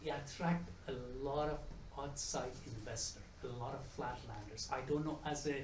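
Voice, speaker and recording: In a conference room with an audience, a man lectures at normal speed in a medium pitch. He's an economics professor presenting, chatty and joking, with repeated and restarted words. The echoey hall is picked up by a distant mic, with slight background noise.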